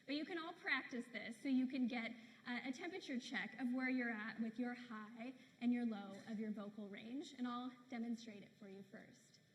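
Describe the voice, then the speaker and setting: High-voiced woman giving a keynote. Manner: quick-talking, energetic, coaching the audience. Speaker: keynote speaker. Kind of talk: motivational keynote speech. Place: conference hall stage. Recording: reverberant hall with faint noise.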